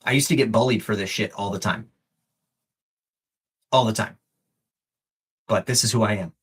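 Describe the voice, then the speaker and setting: A man's voice: lowish voice, moderate pace, slightly rough. A man coaching on a live stream, earnest and encouraging, repeating phrases for emphasis and swearing casually, emotional and close to tears. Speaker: fitness and life coach.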